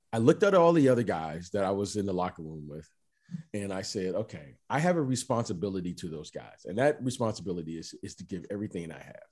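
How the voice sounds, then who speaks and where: A middle-aged man telling stories in a casual chat, emphatic and animated, often repeating the listener's name. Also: lowish voice, breathy edge. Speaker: former basketball player, guest.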